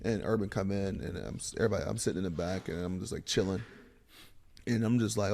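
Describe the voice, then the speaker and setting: A man in his thirties, a guest on a studio podcast, telling profane, animated stories and acting out the voices in them. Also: low voice, quick pace, gravelly. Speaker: podcast guest, former college quarterback.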